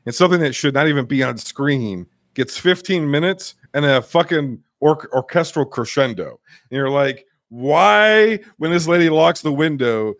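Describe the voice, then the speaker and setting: A man chatting casually about a film, animated and swearing, often acting out scenes in mock voices. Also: a little high, normal speed, no echo, studio quality. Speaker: podcast co-host. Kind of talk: casual film review chat.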